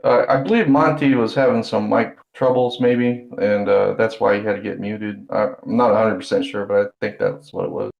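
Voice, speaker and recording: Man, casual group chat. Gravelly and hesitant, stops and restarts; roomy echo on the recording. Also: on the low side, steady tone, moderate pace, few pauses, highs cut off. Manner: hesitant, many fillers and restarts. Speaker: chat participant.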